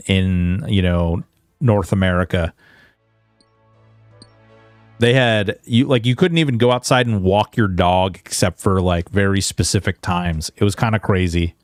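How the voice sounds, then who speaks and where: A man's voice: on the low side, clear, resonant tone, dry recording. A Canadian man streaming a video game, chatting in a rambling, casual way and swearing now and then. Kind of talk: casual gaming stream chat.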